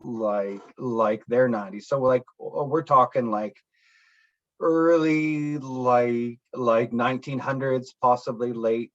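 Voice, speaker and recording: A guest speaker on a panel tells stories casually and in a rambling way, full of fillers and acted-out quotes. His medium-pitched voice is slow, fairly even in intonation and a bit bright, though the audio sounds dull.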